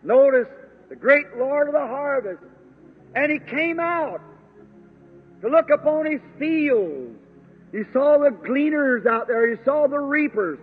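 A man preaching a sermon in a fervent, drawn-out way, breaking into exclamations. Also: very high voice, expressive. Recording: tinny lo-fi old sermon tape.

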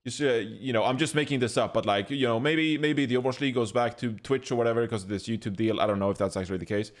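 A man's voice: medium pitch, fast. A man co-hosting a casual esports panel chat, steering the talk with mock-serious, teasing questions. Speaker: podcast co-host.

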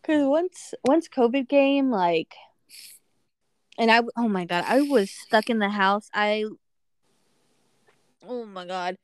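A chatty young woman telling stories with quick asides in a gossipy tone. Her voice sits a little higher than average. It is recorded dry and close, with no room sound. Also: lively intonation, clear, resonant tone, no echo. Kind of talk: casual chat.

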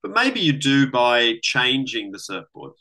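A man co-hosting a podcast in relaxed, rambling, sweary casual chat. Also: mid-range voice, unhurried. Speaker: podcast co-host.

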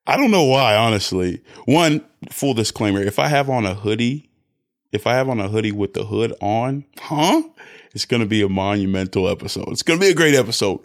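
A young man hosting a solo podcast rant, animated and self-interrupting, swinging between loud bursts and hushed asides. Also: on the low side, a little fast. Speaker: podcast host. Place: indoors, lying down recording at home.

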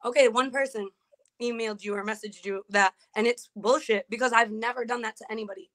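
A defiant woman argues back hard in a high, bright, slightly raspy voice that races along. Her voice is close and dry, with no room sound around it. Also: steady tone, brisk, no echo. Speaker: guest being confronted. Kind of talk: heated argument.

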